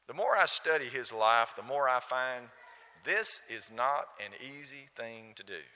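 Preacher, male, emphatic and questioning, strained bright delivery, long church-hall echo. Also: mid-range voice, lively intonation, a little slow. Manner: emphatic, repeats rhetorical questions. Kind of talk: sermon.

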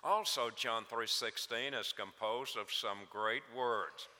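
A man preaching a sermon to a congregation in a measured, emphatic way. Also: mid-range voice, pushed and bright. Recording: long reverb in a hall.

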